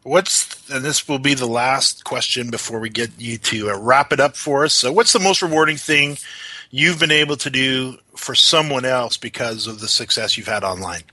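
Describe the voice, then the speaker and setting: A man's voice: medium pitch, moderate pace, bright, forceful tone, no room sound. A man hosting a podcast interview, asking long, rambling questions and restarting often. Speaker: podcast host.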